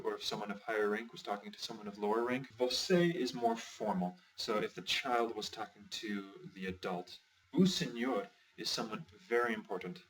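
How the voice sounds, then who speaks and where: Male language teacher, mid pitch, chatty explainer, distant mic. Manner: chatty, explanatory, lightly joking. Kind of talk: podcast lesson explanation.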